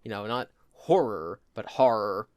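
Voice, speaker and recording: A man's voice: mid-range voice, a little fast, no room sound, clean studio sound. A young man from New Jersey with a New Jersey accent, co-hosting a podcast in rambling casual chat and laughing often. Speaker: podcast co-host.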